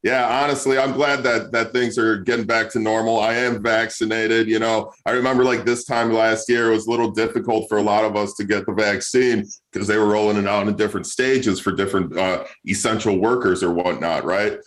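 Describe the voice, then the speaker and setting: A man's voice: lowish voice, steady tone, a little fast, hardly any pauses, low-quality recording. A man comedian opening a set over video call, laid-back and tired, stammering through restarts. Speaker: stand-up comedian.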